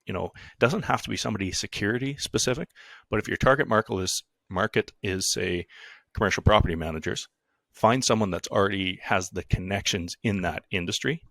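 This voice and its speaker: A man's voice: lowish voice, a little fast, gravelly, a bit bright, dry recording. A man co-hosting a business podcast in casual chat, thinking aloud with fillers and dropping dry teasing quips. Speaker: podcast co-host.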